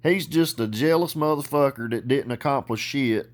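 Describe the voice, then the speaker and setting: A man's voice: medium pitch, normal speed. Profane Southern man ranting. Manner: profane, boastful, gets loud and worked up. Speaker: vlogger. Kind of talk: ranting vlog monologue.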